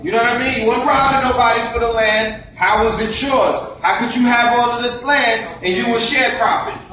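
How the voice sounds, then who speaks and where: A man's voice: very high-pitched, steady tone, a little fast, pushed and bright, a little hiss or hum. A man giving an impassioned lecture to a gathering, preachy and fiery, firing off rhetorical questions. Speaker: speaker addressing a gathering. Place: indoor event space. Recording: echoey room, voice far from mic.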